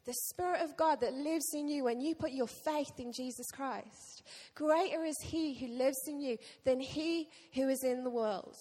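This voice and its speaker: A woman pastor preaching a sermon to her church, lively and joking with the congregation. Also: high voice, moderate pace, hardly any pauses. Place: church hall. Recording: long reverb of a church hall.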